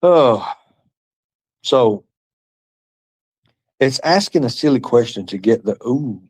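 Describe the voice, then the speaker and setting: Male livestream host, mid-pitched voice, rambling and mocking, profane, muttered asides to chat. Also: animated, takes it slowly, a little mellow, breathy edge. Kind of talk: rambling live-stream chat reading comments.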